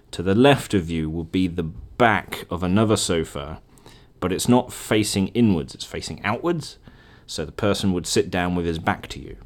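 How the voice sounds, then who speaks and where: Guy chatting about his dream, deep voice, goes off on tangents and laughs at himself. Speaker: podcast host. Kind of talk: casual solo storytelling.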